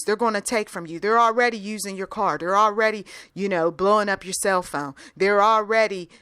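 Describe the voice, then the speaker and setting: A woman's voice: mid-range voice, a little fast, hardly any pauses, a bit bright, smooth, no echo. A plainspoken woman gives a casual faith-based audio talk, speaking like she is chatting with a friend and driving points home by repeating them. Her voice sits mid-range, and the recording is dry and close, with no room sound. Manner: conversational, acts out bits of dialogue; plainspoken, repeats phrases for emphasis. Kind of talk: casual spoken sermon.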